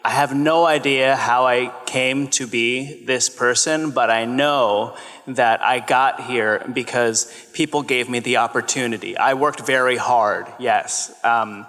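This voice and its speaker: A man's voice: mid-range voice, steady tone, fairly bright tone. A man in his thirties, a children's TV host, speaking earnestly and gratefully on a convention panel. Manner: earnest and grateful, quick bursts of speech. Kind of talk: casual panel talk. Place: large convention hall. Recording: long reverb of a convention hall.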